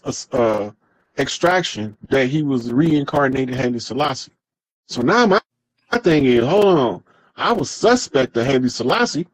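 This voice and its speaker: A man's voice: fairly high pitch, darkish tone, no echo. A man talking in a casual, profane monologue, telling stories with heavy emphasis. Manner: profane, emphatic street storytelling. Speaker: podcast speaker.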